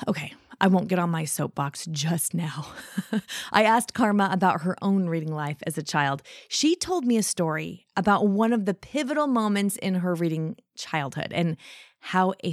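A woman's voice: on the low side, lively intonation, normal speed, no room sound, clean studio sound. A woman hosting a podcast about books, introducing clips with chatty asides. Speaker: podcast host. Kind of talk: podcast narration and commentary.

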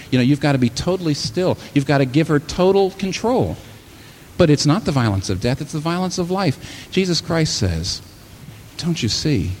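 A man's voice: mid-range voice, slight background noise. A man preaching a sermon, who acts out imagined listeners and speaks as Jesus, building to exclamations.

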